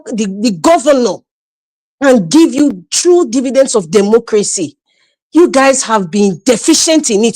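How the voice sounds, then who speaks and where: A woman's voice: a little high, no room sound. A woman with a Nigerian accent giving scolding, mocking political commentary on a livestream, laughing often.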